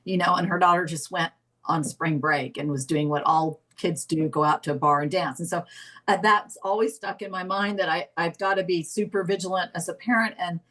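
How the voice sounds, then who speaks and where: A middle-aged woman telling her story as a therapy volunteer, tearful, halting and apologetic with many restarts. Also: lowish voice, fairly even intonation, fairly bright tone, poor audio. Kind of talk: emotional personal account.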